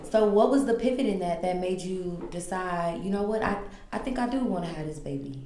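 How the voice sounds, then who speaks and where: A woman co-hosting a podcast in casual chat, supportive and quick with affirmations. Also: lowish voice, mellow.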